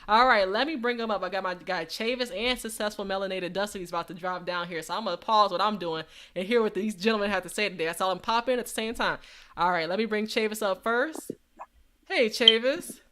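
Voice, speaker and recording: A woman's voice: mid-range voice, a little fast, pushed and bright. A woman hosting a live stream, chatting casually and calling on her audience as y'all. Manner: chatty, addresses chat as y'all. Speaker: host.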